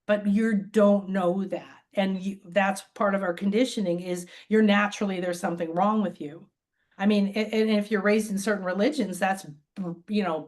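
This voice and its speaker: A woman spiritual teacher talking casually as an interview guest, telling stories and acting out the voices of the people in them. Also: mid-range voice. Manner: animated, acts out quoted voices, laughs often. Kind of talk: casual conversational storytelling. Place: lives by a beach.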